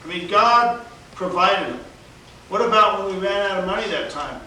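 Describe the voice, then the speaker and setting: A man telling his testimony as an evangelist, in an animated storytelling way, laughing often and acting out other people's lines. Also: sits high, moderate pace, a little hiss or hum. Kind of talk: storytelling conversation. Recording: very echoey room, mic at a distance.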